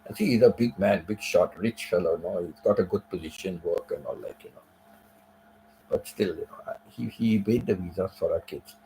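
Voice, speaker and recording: A man with a fairly low, mellow voice recounts a personal story on his live stream. He talks casually and emotionally, circling back on his own phrases and leaning on "you know" between thoughts. A faint hum of noise sits under his voice. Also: normal speed, poor audio. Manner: emotional, repeats himself, fills with "you know".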